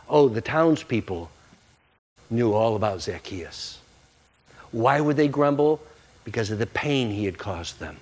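A man's voice: fairly low pitch, slow, pauses often. A man preaching a sermon, conversational and joking with the congregation. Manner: animated, conversational, jokey. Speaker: pastor.

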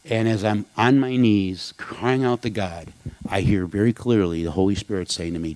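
A man delivers a sermon in a loose, conversational manner, tossing in asides and questions to his listeners. His voice sits on the low side. The sound is dry and close. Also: normal speed, a little mellow, dry recording. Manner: conversational, candid preaching with asides. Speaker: pastor.

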